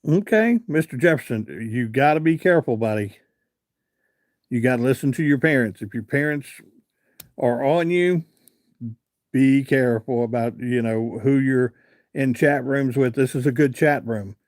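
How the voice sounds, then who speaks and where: A middle-aged man from Virginia, USA, hosts a casual live stream, drifting through long folksy tales and stopping to read and answer viewers' comments. His medium-pitched, slightly mellow voice moves at normal speed and sounds close and dry, with no echo.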